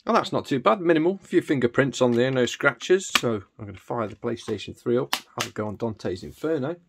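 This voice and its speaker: An English gaming channel host with a mid-range, somewhat gravelly voice speaks a little fast with lively intonation over a noisy background. He chats and jokes casually while unboxing and playing games, breaking into sudden exclamations.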